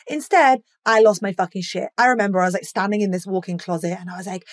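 A woman's voice: fairly low pitch, fast talker, hardly any pauses, no room sound, studio quality. A young woman hosting a solo podcast, talking frankly and animatedly, swearing freely and acting out quoted rants. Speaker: podcast host.

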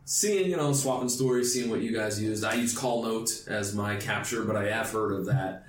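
A man's voice: on the low side, moderate pace, roomy sound. A man hosting a podcast interview, telling stories animatedly, acting out quotes and laughing often. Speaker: podcast host interviewing guests. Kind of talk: casual interview chat.

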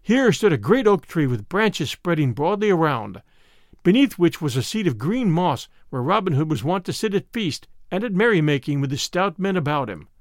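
A man hosting a show, reading a classic storybook aloud in a measured, expressive way. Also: on the high side, dry recording, studio quality.

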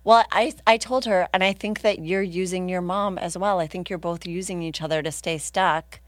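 Woman guest, slightly low voice, close dry mic; animated anecdote teller. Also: moderate pace, dry recording. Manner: animated, laughing, acts out other people's lines. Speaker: podcast guest. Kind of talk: casual storytelling.

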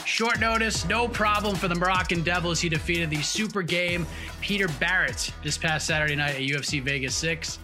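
A man hosting a sports interview show, energetic and full of hype. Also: high voice, a little fast, over music. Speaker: host.

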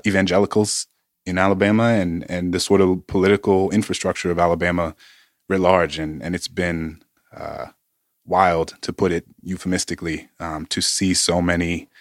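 A man co-hosting a podcast, giving measured commentary with frequent fillers. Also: low-pitched, no echo, studio quality. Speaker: podcast co-host. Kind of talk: casual chat, political commentary.

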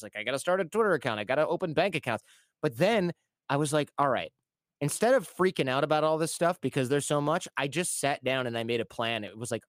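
Man in his thirties, podcast guest, lively storyteller who acts out voices, mid pitch, dry close sound. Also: no echo. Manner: animated, acts out quoted voices. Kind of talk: casual storytelling.

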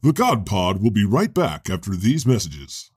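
A man's voice: lowish voice, slightly rough, dry recording, studio quality. A man playing God, a chatty male deity who hosts an improvised comedy podcast. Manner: conversational, quick to laugh, animated. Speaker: host.

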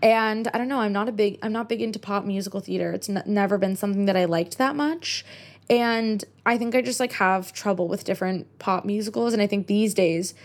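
Woman, twenties, American accent, casual solo podcast chat, filler-heavy, middle pitch. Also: fairly quick. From United States. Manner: chatty, many "like" fillers. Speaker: podcast host.

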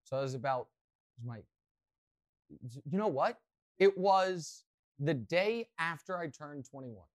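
A man hosting a podcast, telling a rambling, self-mocking story with lots of excitement. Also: a little high, a little slow, long pauses. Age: adult, past college. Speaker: podcast host. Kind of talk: animated storytelling.

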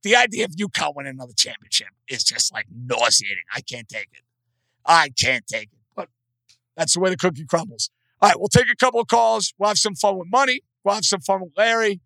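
A man hosting sports talk radio with a hoarse voice, blunt and opinionated. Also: sits high, expressive, fast, sharp tone, dry recording.

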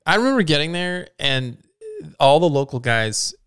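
A man's voice: on the high side, sing-song, moderate pace, a bit bright, clear, resonant tone, no room sound, studio quality. A man co-hosting a casual podcast, joking and playful. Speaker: podcast co-host.

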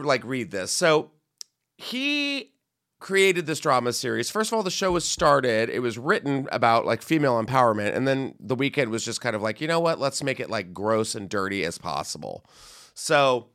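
A man's voice: medium pitch, fairly bright tone. A man co-hosting a comedy podcast, chatting casually and mocking celebrity gossip, breaking into squealing voices when he quotes people. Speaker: podcast co-host.

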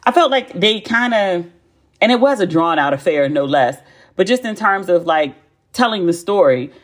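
An American woman in her forties hosts a podcast and chats casually in a blunt, animated way, with lots of profanity and emphatic repetition. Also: on the low side, normal speed. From United States. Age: 40s. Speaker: podcast host. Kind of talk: casual chat.

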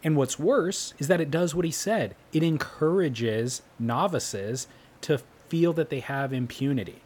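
A man's voice: a little high, a little slow, darkish tone. A man co-hosting a podcast in casual chat, taking the contrarian side and arguing his point at length. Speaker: podcast co-host.

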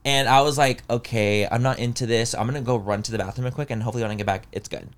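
A young man talks quickly and casually on a podcast, co-hosting and telling a story. He jumps his voice up and down as he quotes other people, and keeps things animated and chatty. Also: mid-range voice. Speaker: podcast co-host.

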